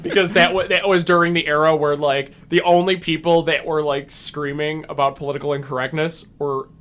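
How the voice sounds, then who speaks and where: This man speaks in a notably high voice, co-hosting a casual chat show. He rambles through anecdotes and bounces into lively quoted voices for the people in them. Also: brisk, slight background noise. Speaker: podcast co-host.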